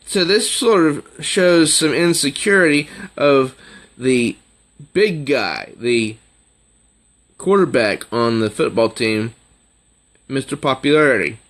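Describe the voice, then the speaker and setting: A man casually reviewing a comic book, talking slowly and haltingly. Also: mid-range voice, expressive, a bit bright. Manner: slow, halting, with fillers and restarts.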